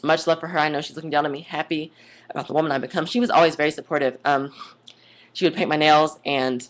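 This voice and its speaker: A woman's voice: low voice, steady tone, quick pace. Rambling chatty woman vlogger. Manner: rambling, chatty, goes off on tangents; gushing, says "oh my God" and "like" a lot. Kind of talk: casual vlog monologue.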